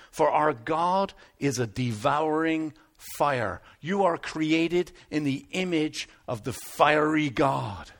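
A man gives a sermon to his congregation in a lively, talky style, and his voice sits a touch higher than most men's. He repeats words as he works up to a point and breaks into small acted-out asides. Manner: animated, conversational preaching with acted asides; repeats words when building up. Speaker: pastor.

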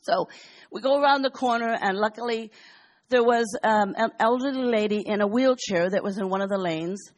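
An older woman sharing a personal testimony in a chatty, animated storytelling way. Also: a little high, normal speed. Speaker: church member sharing a testimony.

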